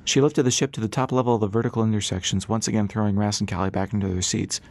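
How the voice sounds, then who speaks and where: A man narrating an audiobook in a brisk, steady storytelling manner. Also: on the low side, no room sound, studio quality. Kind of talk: scripted narration.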